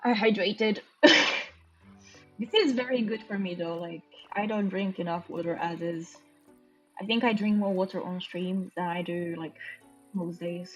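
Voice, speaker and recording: Her voice is fairly low and steady, a little slow. She's a Romanian game streamer chatting casually on a live stream as she plays, thinking out loud with gasps of delight, over dull lo-fi audio and faint music.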